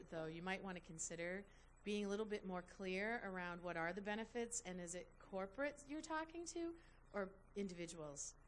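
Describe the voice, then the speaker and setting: A woman in a workshop giving a presenter measured, constructive suggestions. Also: on the low side, slight background noise. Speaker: workshop participant. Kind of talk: constructive feedback.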